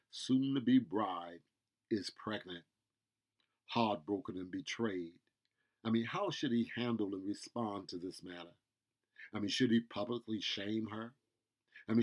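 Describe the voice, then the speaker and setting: A man delivers a sermon in a slow, deliberate cadence, dropping "yo" and "y'all" between phrases. His voice sits on the low side. The recording sounds muffled and lo-fi. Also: a little mellow. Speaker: preacher.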